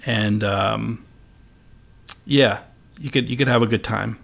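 Halting, easygoing podcast man. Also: lowish voice, creaky, a bit bright. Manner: halting, with many restarts and fillers. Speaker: podcast co-host. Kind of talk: casual chat.

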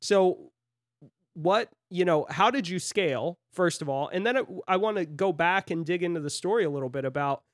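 Brief: young male podcast host, slightly high voice, dry close sound, friendly and rambling. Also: expressive, normal speed, dry recording. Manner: friendly, rambling questions with restarts. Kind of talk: casual interview chat.

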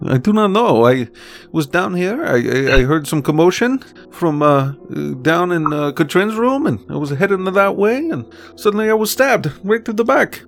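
Guy doing a stabbed shaky shipmate, stammery and pitched up, faint music behind. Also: expressive, creaky. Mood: stammering recall. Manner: halting, stammering. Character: wounded, shaken male shipmate just stabbed.

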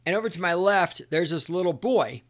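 A man's voice: high voice, lively intonation, fairly quick, fairly bright tone. A middle-aged man hosting a solo podcast, telling stories in a sarcastic, profane rant. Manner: ranting, profane, sarcastic storytelling. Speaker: podcast host.

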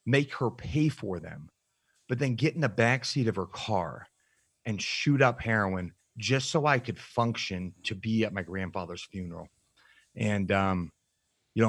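A man with a very low voice tells his story candidly as an interview guest. He speaks in a reflective, halting way, and the sound is close and dry with no room echo. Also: a bit bright. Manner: frank and reflective, halting with fillers. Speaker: podcast guest, nutrition coach.

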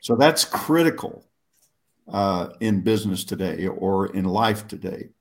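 A man's voice: deep voice, lively intonation, unhurried, slight background noise. A man, a public speaker, telling stories in an interview in a rambling, self-interrupting way, often laughing at himself. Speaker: guest speaker. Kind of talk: storytelling interview answers.

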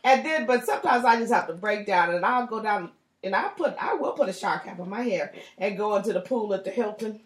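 A woman chatting casually in a group, expressive and playful, quoting others with laughter. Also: medium pitch, fairly quick. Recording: echoey room with background noise.

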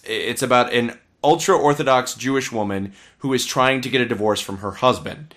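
A man's voice: medium pitch, normal speed, fairly bright tone. A man co-hosting a casual podcast, rambling and opinionated as he reviews films, swearing freely. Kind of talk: casual chat.

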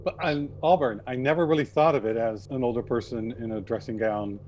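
A man explaining his view earnestly in a relaxed chat. His pitch is ordinary for a man. A faint noise runs behind him. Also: brisk. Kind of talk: casual chat.

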